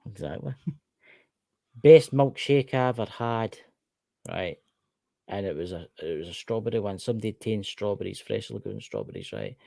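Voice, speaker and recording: A man's voice: on the low side, sing-song, normal speed, gravelly, mellow, no room sound. A Scottish man co-hosting a casual chat show, ranting animatedly and swearing freely. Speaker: podcast co-host.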